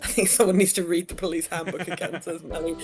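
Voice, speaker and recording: A woman's voice: fairly low pitch, flat delivery, quick pace, over music. A woman joking and chatting casually while playing along on a game stream. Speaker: co-player.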